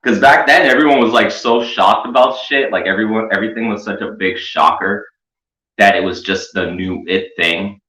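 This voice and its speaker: Low, forceful man ranting in an echoey room. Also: normal speed. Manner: rambling, crude, mocking. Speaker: commentary show host. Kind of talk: profane casual rant.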